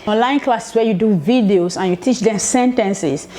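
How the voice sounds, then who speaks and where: A woman's voice: mid-range voice, normal speed, dark tone. A Nigerian woman, a mother, chatting casually in a vlog as she gives business tips, rambling with conversational asides. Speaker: vlogger giving business tips.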